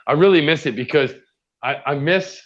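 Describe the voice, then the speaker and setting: A man's voice: a little high, moderate pace, a bit bright, dull audio. A man hosting a podcast in casual chat, loose and laughing, swearing freely. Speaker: podcast host.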